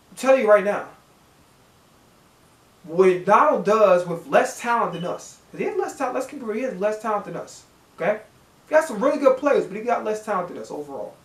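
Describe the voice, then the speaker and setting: A man's voice: sits high, a bit bright. Heated sports-fan host, a man who rants and swears and keeps circling back to the same point, recorded in a roomy, echoey space. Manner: profane, ranting, repeats himself. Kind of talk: heated football reaction rant.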